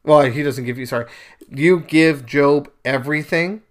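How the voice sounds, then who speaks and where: A young man hosting a podcast, retelling a story in a casual, animated monologue, with sudden louder bursts. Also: a little high, moderate pace. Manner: animated storyteller, paraphrases scenes in bursts of raised voice. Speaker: podcast host. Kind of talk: casual religious commentary monologue.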